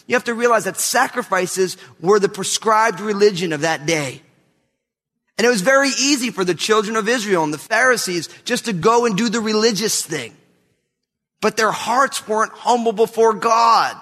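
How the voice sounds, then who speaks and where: A man in his thirties preaching a sermon to his church, telling a family story with lively, acted-out voices. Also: high voice, in a large hall. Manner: animated storytelling, acts out his kids' voices. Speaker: pastor. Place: church sanctuary.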